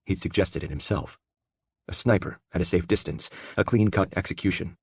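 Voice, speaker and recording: A male audiobook narrator reads in a steady, measured storytelling voice. His voice is deep with a husky edge. The booth recording is close and dry. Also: dry recording. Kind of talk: scripted narration.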